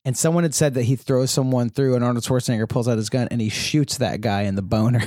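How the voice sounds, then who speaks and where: A man's voice: mid-range voice, fairly even intonation, quick pace, darkish tone, no room sound, studio quality. A man co-hosting a podcast, rambling through casual chat with self-deprecating jokes. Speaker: podcast co-host.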